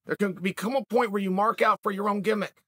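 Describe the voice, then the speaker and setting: A man talks in a casual monologue as a sports podcast host. His voice sits high and rings bright and tense. He hammers his points home in short, rhetorical, emphatic lines. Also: steady tone, fast talker. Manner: emphatic, punchy rhetorical delivery.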